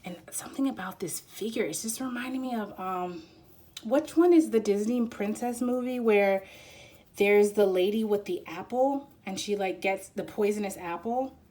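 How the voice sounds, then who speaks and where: A woman giving an intuitive card reading, rambling and halting with many fillers and growing emotional as she talks. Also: medium pitch, warm tone. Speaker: tarot reader. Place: quiet room at home.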